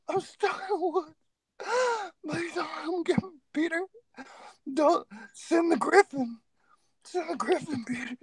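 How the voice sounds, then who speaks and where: A man putting on the voice of a frightened young woman lost in the woods, gasping and crying in a very high voice. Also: takes it slowly, long pauses, dry recording, exaggerated voice. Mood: terrified.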